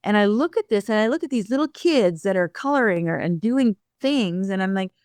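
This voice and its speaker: Podcast cohost lady, lively storyteller, keeps restarting, dry mic. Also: mid-range voice, brisk, smooth, no room sound. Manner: animated storyteller, frequent restarts. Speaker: podcast co-host. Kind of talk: casual conversation.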